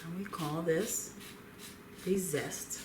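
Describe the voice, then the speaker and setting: A woman hosting a cooking show, speaking gently and without hurry while she prepares food in a kitchen. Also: fairly low pitch, reverberant, very noisy. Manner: gentle, unhurried, talks while working. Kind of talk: cooking demonstration with calm chat. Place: home kitchen.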